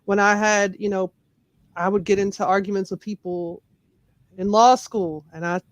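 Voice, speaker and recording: With a medium-pitched voice, fairly even intonation, and normal speed, a Memphis-born lawyer and comedian talks on a podcast without echo. She speaks candidly and with emphasis, her thick Southern US accent clear in the relaxed interview.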